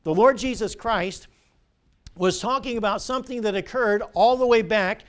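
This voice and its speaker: An older male pastor with a high voice delivers a sermon. He poses questions to the congregation and waits for the reply. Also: moderate pace. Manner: preaching with call-and-response questions to the congregation. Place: church sanctuary.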